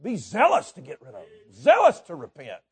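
A man preaching a sermon, telling stories with folksy asides and swinging from quiet remarks to shouts. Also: high-pitched, huge pitch swings, brisk, slightly rough.

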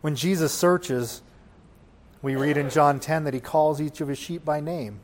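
A man preaching a sermon, swinging from hushed lines to loud ones and putting rhetorical questions to the congregation. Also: fairly high pitch, a little slow, a little hiss or hum. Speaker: pastor.

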